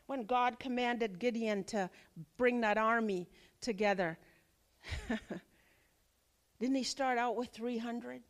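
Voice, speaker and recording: A woman in her forties preaching a sermon, telling a personal story with dramatic swings from loud exclaiming to hushed lines. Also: fairly high pitch, fairly even intonation, takes it slowly, pauses often.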